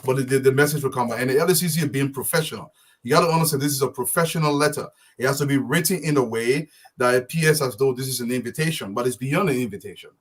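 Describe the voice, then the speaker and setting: A man's voice: mid-range voice, quick pace. A man arguing insistently as a panelist on a political talk show. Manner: forceful, insistent, lecturing.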